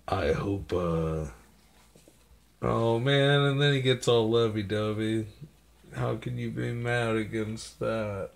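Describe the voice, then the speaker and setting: A man's voice: on the low side, slow pace, gravelly. A man doing a comedic, profane, mock-menacing rant at his dog, drawing out his words.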